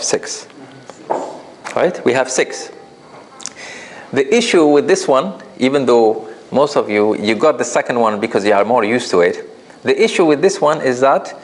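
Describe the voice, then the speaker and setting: A man teaching a recitation class, patiently explaining rules, asking his students questions and demonstrating with drawn-out chanted examples. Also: medium pitch, rough recording. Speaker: tajweed teacher.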